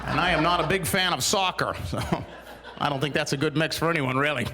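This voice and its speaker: A man's voice: a little high, brisk, heavy background noise. A man in his forties doing a stand-up comedy routine on a small studio stage, telling dry, exasperated stories with punchlines.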